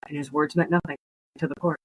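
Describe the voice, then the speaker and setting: A woman's voice: low-pitched, steady tone, fast, slightly rough, no room sound, poor audio. Earnest woman podcaster, dry close sound. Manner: earnest, emotional reading. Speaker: podcast host. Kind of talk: reading aloud and casual commentary.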